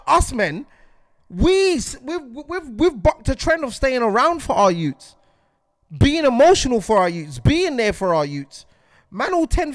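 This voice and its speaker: A fired-up man in his forties holds forth as a podcast host, his voice sitting high for a man. He circles back over his points again and again, checking in with "do you get what I'm saying." The recording is dry and close, with no room sound. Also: no echo. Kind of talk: impassioned podcast monologue.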